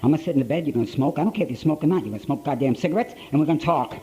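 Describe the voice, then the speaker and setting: An older man with an Ohio accent tells his story in a gruff, blunt working-man way. His voice sits a little high for a man, and he hammers points home by repeating phrases. He is speaking live to a conference crowd. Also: expressive, rapid-fire, highs cut off, background noise. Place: conference hall, live talk to an audience.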